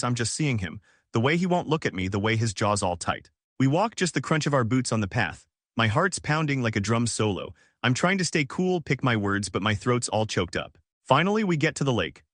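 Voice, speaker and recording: Lively man narrating a dramatic story. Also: medium pitch, dry recording, clean studio sound. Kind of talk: scripted first-person narration.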